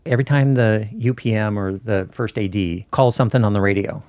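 A man's voice: fairly low pitch, a little fast, a little mellow, dry recording, studio quality. A man in a casual interview, telling film-set stories in an easygoing way and acting out the dialogue. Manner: storytelling, easygoing, acts out dialogue. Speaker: film camera crew guest.

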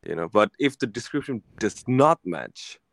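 A man with a fairly low voice tells a personal story in an easy, conversational way. He hesitates often, restarts his sentences and slips into little acted-out quotes. The sound is close and dry. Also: lively intonation, gravelly, dry recording. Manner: halting, many fillers and restarts, acts out quoted lines. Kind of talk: casual storytelling chat.

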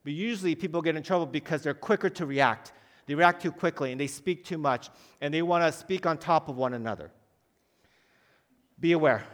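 A man's voice: on the high side, a little fast, in a large hall. A middle-aged man, head of a school, giving a conversational chapel message to students and often asking them questions. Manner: conversational, asks the audience questions.

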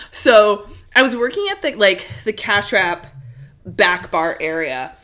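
A woman co-hosting a casual podcast, telling stories in an animated way, laughing often and using lots of fillers. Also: mid-range voice, slow. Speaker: podcast co-host. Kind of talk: casual chat.

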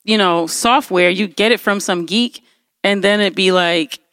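A woman hosting a casual chat, telling stories with lively energy. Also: medium pitch, a little slow, clear, resonant tone, no echo. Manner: animated storyteller, shouts when acting out anger. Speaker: host.

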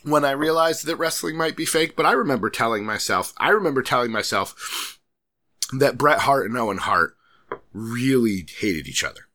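Male podcast co-host, bright and animated, with a dry self-deprecating wit. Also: medium pitch, normal speed. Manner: wry, self-deprecating storyteller. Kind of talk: casual chat.

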